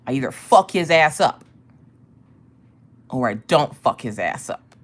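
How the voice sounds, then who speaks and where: Woman streamer in casual storytelling mode, lively swooping pitch, salty language, frequent laughs. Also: unhurried. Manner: animated, profane, laughing storyteller. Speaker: streamer and craft channel host.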